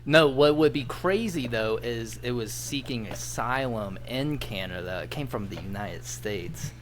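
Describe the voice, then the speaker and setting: A man's voice: medium pitch, unhurried, slight background noise. A man co-hosting a podcast, rambling and teasing his friends in casual chat. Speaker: podcast co-host.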